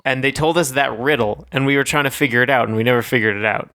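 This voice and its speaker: A man co-hosting a podcast talks quickly in a bright, forceful, medium-pitched voice. His casual chat and stories ramble along hesitantly with plenty of fillers, recorded in clean studio sound with no room sound.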